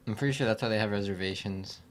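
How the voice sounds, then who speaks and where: A man's voice: on the low side, racing. A young man co-hosting a podcast, joking around in a laid-back way. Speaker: podcast co-host. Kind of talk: casual chat.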